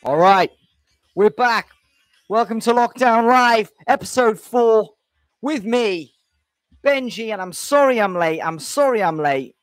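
A man's voice: high voice, expressive, a little slow, a bit bright, no echo, studio quality. Breathless chatty man host. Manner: chatty, self-deprecating, repeats himself. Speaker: livestream host. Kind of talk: casual live-stream chat. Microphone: webcam setup.

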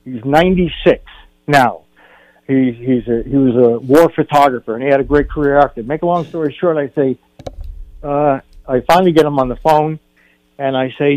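A man's voice: medium pitch, moderate pace, darkish tone, dry recording. An older man, a film director guest on a radio show, telling a personal story in an earnest way, often restarting his sentences. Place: radio studio. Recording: dull radio broadcast.

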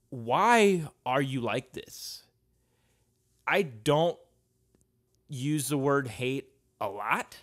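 A man talks slowly through a one-man podcast rant. He is crude and profane, drifting between tangents and bursting loud without warning. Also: mid-range voice. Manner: crude, profane and rambling, with sudden loud outbursts. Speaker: podcast host. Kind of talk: casual solo podcast rant.

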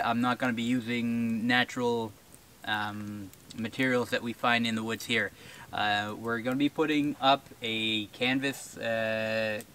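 There's slight background noise as a bushcraft channel host from rural New Brunswick, Canada, chats to camera in the woods through a camera-mounted shotgun mic. His mid-range voice is a bit bright, and he rambles casually, chuckling and using fillers.

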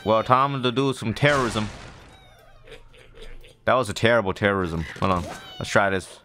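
A man giving excitable let's-play commentary, talking to himself and shouting at the game. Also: fairly low pitch, normal speed, slight background noise. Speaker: gamer.

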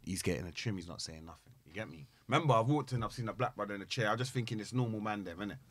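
A man's voice: on the low side, racing, husky, no room sound. A young man telling a barbershop story in casual podcast chat, acting out the voices in street slang. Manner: animated, acts out quoted voices in street slang. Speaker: podcast co-host.

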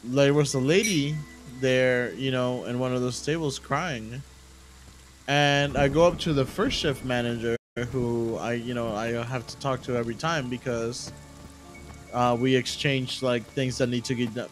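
A man's voice: mid-range voice, steady tone, unhurried, soft background music. Rambling man telling a story on stream. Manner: rambling, self-correcting with many "you know" and "like". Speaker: streamer hosting a live game stream. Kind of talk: casual storytelling chat.

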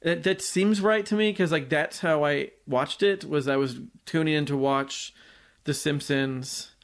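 Podcast co-host, man in his forties, slightly high voice, rambling and casual. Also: measured pace. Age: 40s. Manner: rambling, full of likes and restarts, laughs easily. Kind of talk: casual chat.

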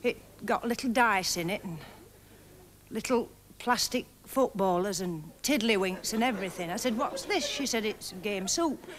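A woman doing a stand-up routine, gossiping in a chatty way and firing off deadpan one-liners while laughing at her own jokes. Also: mid-range voice, moderate pace, slight background noise. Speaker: stand-up comedian. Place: TV studio stage before live audience. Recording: archive TV recording with audience laughter.

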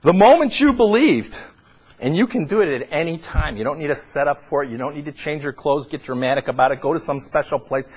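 Man, middle-aged, preacher, slightly high voice, lively pitch, emphatic sermon delivery. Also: brisk, breathy edge. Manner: emphatic, swings between loud high peaks and low quiet asides.

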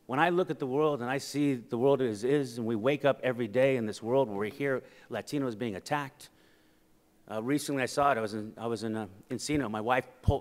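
A man with a fairly high voice gives a keynote speech at a conference. He tells personal stories, sometimes dropping quiet and sometimes rising to loud, emphatic points. The hall has a long reverb. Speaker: keynote speaker. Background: audience laughter.

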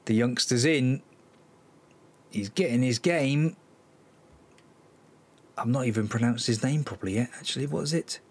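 A man's voice: mid-range voice, a little slow, long pauses, darkish tone, husky. A man hosting a football management let's-play, commenting live on the match, exasperated and sighing, talking to his players. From Cornwall, England.

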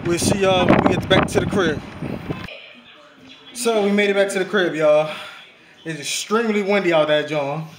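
A man's voice: sits high, fairly even intonation, normal speed, pauses often. A man casually vlogging with his family, calling viewers y'all and leaning on fillers. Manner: laid-back, addresses viewers as y'all, repeats fillers. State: out of breath. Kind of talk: casual vlog to camera. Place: out and about while shopping, then at home. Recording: loud background noise, traffic.

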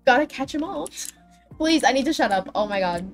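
Her voice high and animated, a young woman talks a little fast while streaming a building game, chatting dramatically with viewers and poking fun at herself. Faint music plays in the background of this casual stream chat.

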